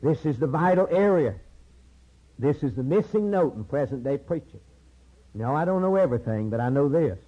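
Husky-voiced man preaching a fervent sermon. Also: expressive, normal speed. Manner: repetitive preaching cadence, swinging between low murmurs and high cries. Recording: dull lo-fi sermon recording.

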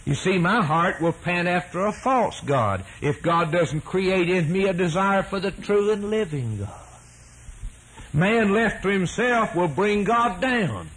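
An emphatic preacher in full sermon, his voice husky and pitched fairly high for a man. He hammers his points with repetition and rising swells. It comes through an old radio broadcast recording. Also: lively intonation, slow pace, fairly bright tone, poor audio.

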